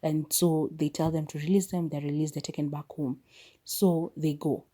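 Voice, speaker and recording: A woman podcast host retelling a film's plot in a chatty, casual way, with quick asides and restarts. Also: deep voice, level tone, mellow. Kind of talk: casual movie recap.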